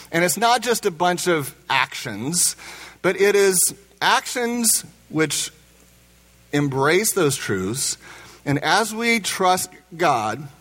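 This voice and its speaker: A man's voice: fairly high pitch, fairly bright tone, rough recording. A man from Indiana preaching a sermon in a conversational, self-correcting way. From Indiana, USA. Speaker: pastor.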